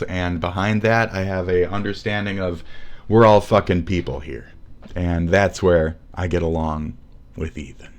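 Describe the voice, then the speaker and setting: Low-voiced man on a profane rant. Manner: profane, rambling and sneering. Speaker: livestreamer. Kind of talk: livestream rant.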